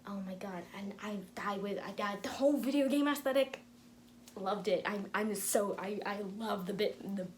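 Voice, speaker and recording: A young woman reacting to an episode on her home vlog, gushing and excitable with frequent laughter and sudden whispers. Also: mid-range voice, moderate pace, a little hiss or hum. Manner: gushing, breathless, laughing often, drops into whispers. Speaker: reaction video host. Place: home room with tripod camera. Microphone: camera on tripod.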